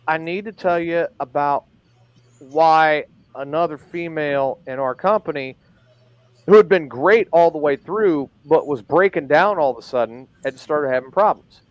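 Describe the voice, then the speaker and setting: Man, mid-pitched, smooth and resonant, dry close sound, blunt profane storyteller who voices the dialogue. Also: no room sound. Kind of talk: casual storytelling.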